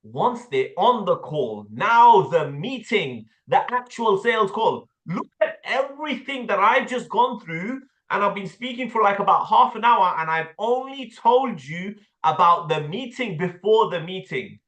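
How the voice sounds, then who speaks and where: A man with an English accent coaching a sales team, blunt and animated, with casual slang and the odd swear word. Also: high-pitched, measured pace, hardly any pauses, echoey room. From England. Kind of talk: sales training talk with role-play.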